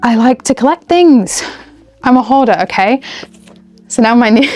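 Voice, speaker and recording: A woman's voice: fairly high pitch, lively intonation, normal speed, a little mellow, faint music behind. A young woman chatting to camera in a rambling, enthusiastic way, often breaking off mid-sentence. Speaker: book and haul vlogger. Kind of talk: casual chat to camera.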